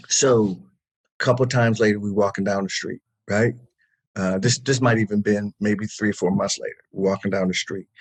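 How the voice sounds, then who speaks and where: A man's voice: lowish voice, slightly rough. A man, a therapist and podcast guest, telling a story in casual interview talk, emphatic, with many restarts, repeated words and swearing.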